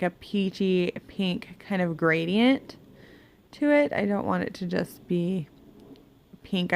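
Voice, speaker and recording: A woman chatting through a makeup tutorial at home, talking to herself as she works and humming now and then. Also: fairly low pitch. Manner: chatty, talks to herself while working, hums and mutters. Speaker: beauty vlogger. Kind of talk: casual makeup tutorial chat. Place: home bedroom.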